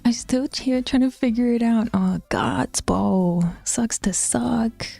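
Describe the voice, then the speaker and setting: A woman streaming herself while she works out, chatting loosely with viewers in a mellow, warm voice. She drifts into half-whispers, laughs easily and swears without a second thought. Faint music plays behind her. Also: on the high side, takes it slowly, vocal fry, no room sound. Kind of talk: casual livestream chat while working out.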